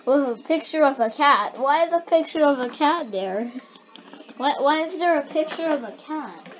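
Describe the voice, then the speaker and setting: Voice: high-pitched, animated, normal speed. A young kid casually reading odd quotes aloud and then puzzling over them, sounding bemused and giggly. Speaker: video maker reacting to generated quotes. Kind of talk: casual reaction commentary. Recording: dull lo-fi home recording with faint hiss.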